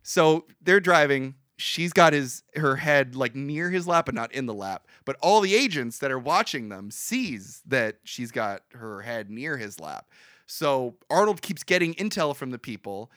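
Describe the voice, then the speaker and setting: A young man co-hosting a podcast, recapping a movie in rambling, animated casual chat with frequent laughs. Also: mid-range voice, a little slow, dry recording, clean studio sound.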